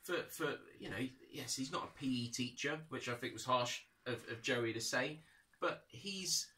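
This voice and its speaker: A man co-hosting a casual football podcast, rambling and restarting as he argues his point calmly. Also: medium pitch, normal speed, distant mic. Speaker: podcast co-host.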